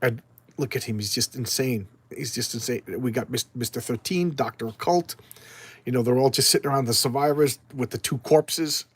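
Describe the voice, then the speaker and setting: A man's voice: medium pitch, normal speed, breathy edge, no room sound. Enthusiastic man rambling about comics. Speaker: comics collector vlogger. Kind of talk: casual comic book review.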